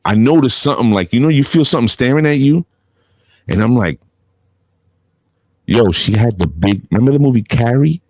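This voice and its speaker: Speaking at a fairly quick clip with frequent pauses, a middle-aged host with a medium-pitched voice runs a casual call-in show. There's no echo. His storytelling is animated, and he laughs a lot and swears without restraint.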